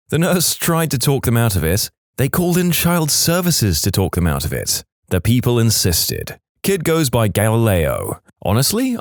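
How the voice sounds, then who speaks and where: A man reads forum posts aloud in a steady, scripted narration, taking every post in his own voice. His voice sits fairly low but swings up and down with lively pitch. The sound is dry and close, with almost no room around it. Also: dry recording.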